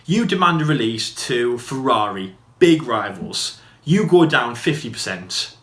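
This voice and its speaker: A man co-hosting a podcast, chatting casually in a quick, rambling way full of fillers and restarts. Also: mid-range voice, expressive, a bit bright. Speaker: podcast co-host. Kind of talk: casual debate chat. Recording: echoey room.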